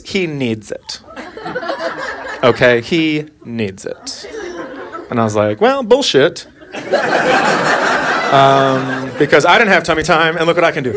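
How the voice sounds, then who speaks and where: A man's voice: high voice, very noisy. A man and father doing stand-up comedy, telling a wry, blunt story on a club stage.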